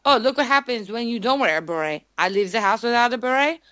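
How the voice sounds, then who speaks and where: A woman's voice: fairly high pitch, lively intonation, quick pace, a bit bright, no echo. A woman playing an eccentric, beret-obsessed oddball who talks about herself in the third person, in an improv comedy bit. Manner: talks about herself in the third person, clumsy formal phrasing, sudden apologies. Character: eccentric beret-obsessed woman called Jim Jim, oddly formal.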